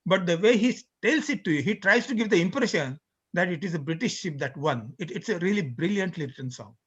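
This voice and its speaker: A man giving an introductory lecture in an explanatory manner, pausing and restarting between points, on a dull lo-fi recording. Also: sits high, expressive, husky. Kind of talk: introductory lecture with recited lyrics.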